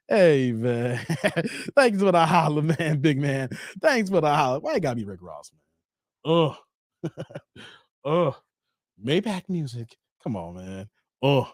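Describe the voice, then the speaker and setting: A man's voice: on the high side, no room sound. Guy hosting a reaction stream, voice jumping all over, laughs a lot, dry close sound. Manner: laughing, animated, thanks viewers for donations. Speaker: channel host reacting to a clip. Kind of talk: livestream reaction commentary.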